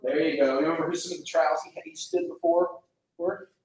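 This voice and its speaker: A man teaching a casual Bible lesson to students, animated, asking the class questions and acting out quotes. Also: on the high side, brisk. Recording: echoey room, mic far off.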